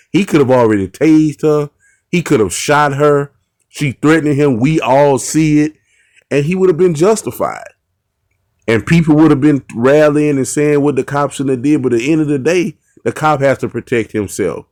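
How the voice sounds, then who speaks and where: A man's voice: medium pitch, a little mellow, no echo, studio quality. Earnest man breaking down bodycam footage. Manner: repetitive, restarts sentences, earnest. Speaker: host of a bodycam commentary show. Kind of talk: casual video commentary.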